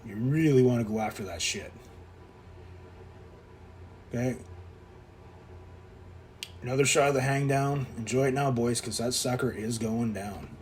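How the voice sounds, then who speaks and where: A man's voice: mid-range voice, a little slow, pauses often, a little mellow, slight background noise. Blunt Canadian man in his fifties. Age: 50s. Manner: blunt and profane, coaching tone. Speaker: fitness vlogger. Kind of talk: casual voice-over vlog.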